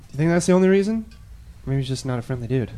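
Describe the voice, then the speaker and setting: Male podcast host, middle-pitched, meandering, laughs between thoughts. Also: lively intonation, very fast, mellow. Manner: rambling, full of fillers, laughs a lot. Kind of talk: casual chat.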